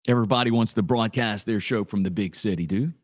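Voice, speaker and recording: This live radio morning show host from Louisiana talks fast in a voice on the low side, broadcasting from a small office studio with no room sound. He's laid-back and chatty, says "dude" constantly, and mixes casual talk with sponsor plug reads.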